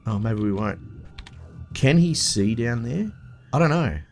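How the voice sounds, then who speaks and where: This gameplay video host, a young Australian man, plays a strategy game while talking bluntly to the screen in a casual, profanity-filled way, muttering at the game. His medium-pitched voice is unhurried and a little mellow, with lively intonation.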